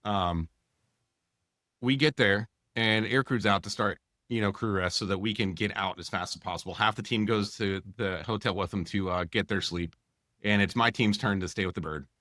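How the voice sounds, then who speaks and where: A man co-hosting a podcast, telling a long anecdote in a casual, animated way and acting out the dialogue, with many fillers. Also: on the low side, normal speed, no echo, studio quality. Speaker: podcast co-host. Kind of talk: casual storytelling.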